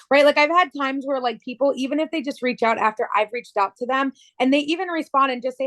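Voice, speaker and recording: Brief: high-pitched woman host, friendly, dry video-call sound. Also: quick pace, few pauses, a bit bright, no room sound. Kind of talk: casual zoom call. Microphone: video call mic.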